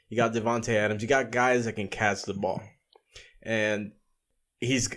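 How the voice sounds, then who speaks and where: Young dude on a podcast, easygoing, mid voice, lots of ums. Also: male voice, mid-range voice. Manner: relaxed, laughs easily, uses fillers. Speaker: podcast co-host. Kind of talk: casual sports chat.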